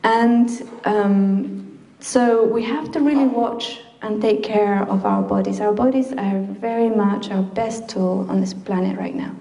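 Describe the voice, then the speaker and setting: Woman from chile talking to a crowd, laughs a lot, warm mellow tone, roomy echo. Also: mid-range voice, fairly even intonation, measured pace. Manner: chatty, laughs often, many fillers. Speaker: speaker addressing a group. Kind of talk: informal talk to an audience. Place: public library meeting room. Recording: echoey room.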